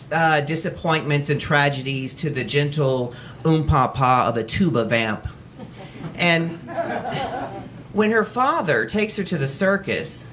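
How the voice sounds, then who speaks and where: A man from Texas hosting a live storytelling show in a cabaret, telling a personal story in a wry, animated way and often laughing as he goes. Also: on the high side, background noise. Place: cabaret stage before an audience.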